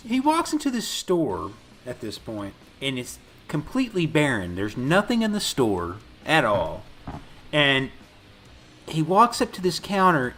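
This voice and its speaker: A man's voice: fairly high pitch, unhurried. A man co-hosting a casual podcast, retelling a movie scene by scene with lots of swearing and laughter. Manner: animated storytelling, swearing, laughing often. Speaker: podcast co-host. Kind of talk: casual chat recapping a movie.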